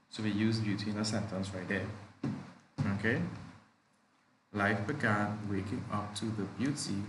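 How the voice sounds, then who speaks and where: A man's voice: on the low side, fairly bright tone, roomy sound, slight background noise, low-quality recording. A man teaching a live online primary school class, patiently repeating each word and checking that the children follow.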